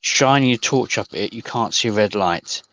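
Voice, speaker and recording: A man, narrating a tabletop game as game master in a halting, descriptive way with many fillers. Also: lowish voice, fairly bright tone, no room sound.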